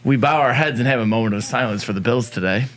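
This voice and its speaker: A man's voice: medium pitch, fast, slight background noise. A man co-hosting a casual talk show, joking and teasing his partner in an upbeat way. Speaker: co-host. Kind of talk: casual morning show banter.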